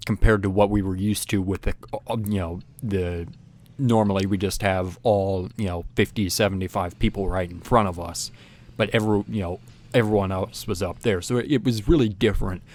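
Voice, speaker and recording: A man casually recounting a story, rambling with many restarts and filler phrases, animated as he goes. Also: fairly low pitch. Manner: rambling, frequent restarts and "you know"; animated, acts out whispered quotes.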